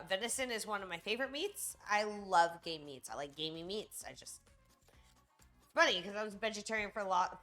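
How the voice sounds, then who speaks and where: Woman, cooking stream host, chatty, bright tone, light music behind. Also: on the low side. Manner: chatty, talks straight to viewers. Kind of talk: casual livestream chat.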